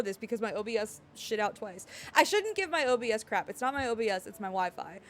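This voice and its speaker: A woman streaming a game live, chatting casually with her viewers in a playful, excitable way. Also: mid-range voice, quick pace, hardly any pauses. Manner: playful, excitable, jokes with chat. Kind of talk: casual live-stream chat while gaming.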